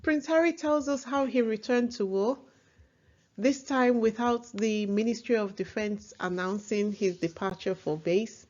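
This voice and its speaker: A woman's voice: fairly high pitch, a little mellow, dull audio. A woman hosting a casual book review vlog, chatty and opinionated. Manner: chatty, opinionated, laughs easily.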